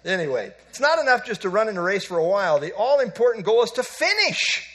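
A man's voice: high-pitched, sing-song, a little fast, hardly any pauses, sharp tone. An older man giving an evening Bible teaching as a preacher, folksy and self-deprecating as he tells stories.

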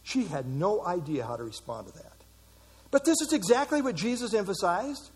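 A middle-aged man preaching a sermon, emphatic, with dramatic pauses. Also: sits high, very animated, slightly rough. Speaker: pastor.

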